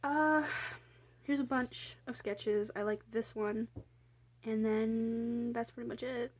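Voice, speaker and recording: Young woman, fairly high voice, rambling casual chat, lots of ums, swears offhandedly. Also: steady tone, takes it slowly, a little mellow. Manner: chatty, filler-heavy, self-deprecating, swears casually. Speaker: artist showing her sketchbook.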